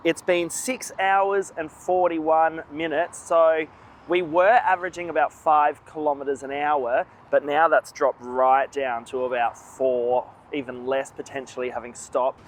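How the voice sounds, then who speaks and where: A man talks to his camera while on a long walk outdoors, sounding weary and self-mocking. His voice sits fairly high. Faint street and traffic noise stays in the background. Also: steady tone, measured pace. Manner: plain-spoken, tired, self-mocking. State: weary from walking. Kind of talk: walking vlog talk to camera. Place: outdoors by roads and an airport.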